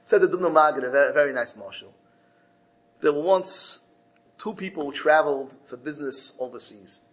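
A man with a fairly high voice teaches a Torah lesson. He tells a parable in a storytelling way and lifts his voice when he quotes the characters. He often repeats words and restarts phrases as he goes. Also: moderate pace, rough recording.

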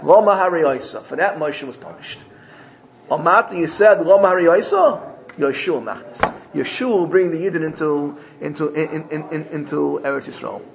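A man teaches a Torah sermon, telling his parable in an animated way and often stopping to correct himself. His voice sits a little high with a gravelly, creaky texture. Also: normal speed, a little hiss or hum, low-quality recording. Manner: animated storytelling, frequent self-corrections.

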